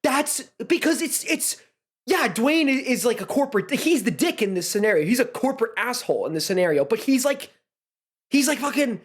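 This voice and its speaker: A young adult host recapping a wrestling event in excited casual chat, swearing freely. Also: medium pitch, slightly rough. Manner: rapid, animated, swearing freely. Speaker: podcast host.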